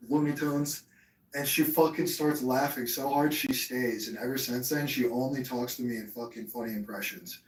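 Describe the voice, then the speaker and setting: A man's voice: medium pitch, fairly even intonation, moderate pace, recorded from a distance. Young male streamer, crude and boastful, rambling, echoey room, off mic. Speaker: live streamer. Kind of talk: casual livestream chat. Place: room at home.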